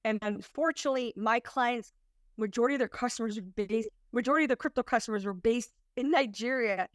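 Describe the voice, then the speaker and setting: A woman's voice: fairly high pitch, fairly quick, no room sound, studio quality. A woman working as a compliance consultant, talking to an audience in an emphatic, conversational storytelling way. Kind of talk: presentation to an audience.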